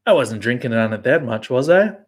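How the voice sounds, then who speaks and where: A man's voice: medium pitch, animated, brisk. Rambling self-mocking man on a live stream. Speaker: beer blog host. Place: home brew house.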